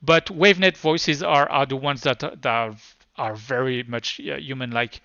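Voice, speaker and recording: A man with a French accent, a native French speaker, giving a live tech demo at a conference in a halting way with many restarts. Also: medium pitch, fairly even intonation, creaky, sharp tone, no echo. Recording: dull lo-fi sound.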